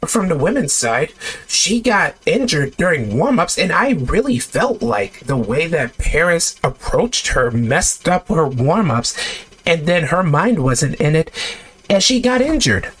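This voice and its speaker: A man's voice: fairly high pitch, very animated, unhurried, a bit bright, breathy edge. A man delivering a heated sports rant to camera, exasperated and sarcastic, with blunt outbursts. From United States. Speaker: sports vlogger.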